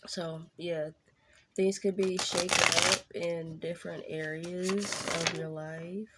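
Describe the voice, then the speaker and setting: A woman giving a casual tarot reading straight to her viewers, chatty and excitable. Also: fairly low pitch, slow pace, very noisy. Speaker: tarot reader.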